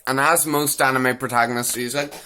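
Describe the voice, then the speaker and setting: A young man rants his way through an anime recap in a casual, mocking voice. His tone is bright and forceful, and he loops back on phrases as he goes. He is crude and laughing at the show rather than reviewing it seriously. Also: medium pitch, steady tone, fairly quick.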